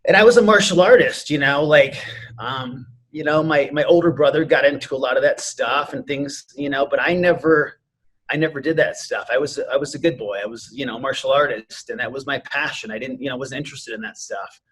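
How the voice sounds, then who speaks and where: A man's voice: mid-range voice, brisk, a bit bright, slightly rough. A man in his forties, a martial arts instructor and podcast guest, telling a personal story in an earnest, rambling way with lots of "you know" fillers.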